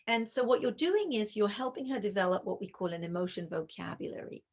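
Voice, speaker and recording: Woman, calm and measured, mid pitch, gravelly fry, talking to "you", video call. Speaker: author and guest speaker. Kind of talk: talk walking through a parenting scenario.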